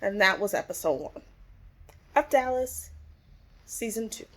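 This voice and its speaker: A woman's voice: mid-range voice, expressive, a little slow, a bit bright. A woman vlogger casually recapping a TV episode, chatty and full of "like" and "you know". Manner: chatty, lots of "like" and "you know", acts out characters' lines.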